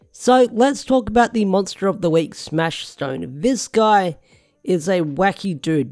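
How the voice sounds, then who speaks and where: Chatty man with a fairly high voice. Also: a little mellow. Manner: rambling, repeats himself, thinks aloud. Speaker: show reviewer. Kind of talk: casual solo review talk.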